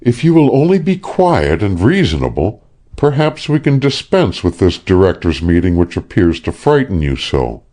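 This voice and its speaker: A man voicing a calm, sad young woman in an audiobook. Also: deep voice, normal speed, voice pushed up.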